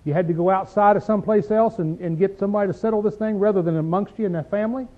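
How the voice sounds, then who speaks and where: A high-pitched, rapid-fire man leads a conversational Bible study in a folksy, emphatic style, often checking in with "see?" and "okay?" and clearing his throat. The sound is tinny, like a phone.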